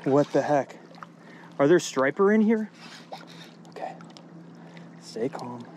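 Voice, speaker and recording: A young man vlogging outdoors at a lake, giving excited live commentary to his viewers and repeating himself as he fights a fish. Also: a little high, slow pace, a little hiss or hum. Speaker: fishing vlogger.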